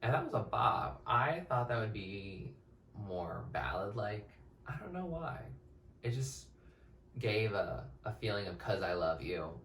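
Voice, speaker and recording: A young man giving casual, excitable reaction commentary as a music reaction host, now and then singing snippets along. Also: on the low side, unhurried, slight background noise. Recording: roomy, a bit distant from the mic, faint music.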